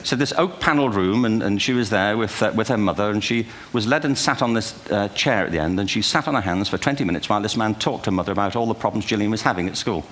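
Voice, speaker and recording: An older man with a lowish, fairly bright voice races through a humorous keynote at a quick pace with hardly any pauses, amid slight background noise. Before a live audience in a large auditorium, he offers wry, self-deprecating anecdotes and asides.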